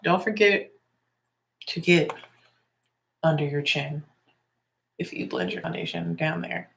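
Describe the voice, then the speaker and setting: A woman's voice: low-pitched, very animated, unhurried, creaky, fairly bright tone. A young woman with a slightly congested voice, chatting casually through a makeup tutorial and explaining each step as she works. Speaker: music teacher and beauty vlogger.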